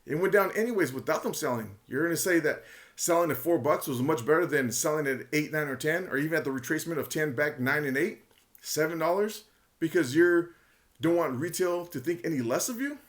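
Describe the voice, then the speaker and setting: A man's voice: a little high, animated, a little fast. A man talking casually and emphatically in a monologue, sharing his opinions as a retail investor commentator, often repeating himself and speculating.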